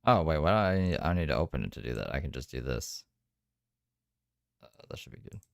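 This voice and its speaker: A man's voice: very deep voice, sing-song, a little fast, gravelly, no echo, studio quality. A man hosting a stream, making wry, rambling comments about a clip he plays. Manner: wry, mocking, rambling asides. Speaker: stream host reacting to a clip. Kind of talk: casual commentary on a played stream.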